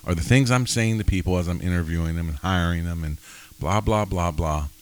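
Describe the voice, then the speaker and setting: Low-voiced rambling male podcast host. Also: brisk, clear, resonant tone. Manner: rambling, self-questioning, jokey. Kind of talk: casual faith podcast chat.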